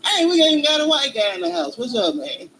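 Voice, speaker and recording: A man performing a stand-up comedy routine in role-play, with animated, profane storytelling and frequent laughter. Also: very high voice, brisk, a little hiss or hum, low-quality recording.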